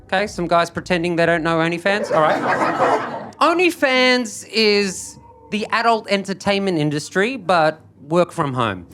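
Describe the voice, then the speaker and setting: A young man doing stand-up on a club stage into a handheld mic, dry and self-deprecating, with sudden jumps into a higher voice. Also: animated, normal speed, bright, forceful tone. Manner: dry, self-deprecating delivery with sudden high-pitched bursts. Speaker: stand-up comedian. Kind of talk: stand-up routine. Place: comedy club stage with audience. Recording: live stage recording with crowd noise.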